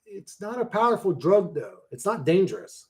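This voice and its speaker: A man's voice: sits high, sing-song, normal speed. A man hosting a casual livestream, reading chat and answering bluntly with lots of swearing and "bro.".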